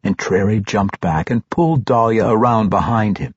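Male narrator, husky, measured, close, dry sound, audiobook read. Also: fairly low pitch, no echo. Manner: measured, steady reading. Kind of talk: scripted narration. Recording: dull, dry, muffled.

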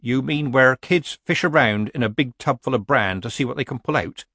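A man's voice: medium pitch, moderate pace, bright, forceful tone, dry recording, clean studio sound. A man voicing a chatty, shrewd older woman witch with a homely, blunt way of talking. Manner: homely, blunt, weakly apologetic.

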